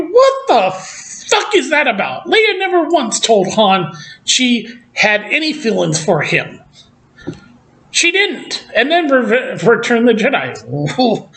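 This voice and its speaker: A speaker giving a casual opinion rant about films, profane, exasperated and sarcastic, mocking characters with quick put-on quotes. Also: medium pitch, fairly bright tone, low-quality recording. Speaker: film commentator.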